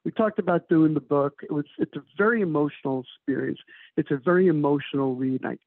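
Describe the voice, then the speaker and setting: Husky-voiced man on a tinny remote line. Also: fairly high pitch, brisk, no room sound. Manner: rambling storyteller with many uh fillers. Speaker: author, guest. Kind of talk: conversational interview storytelling. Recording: tinny phone-like remote call.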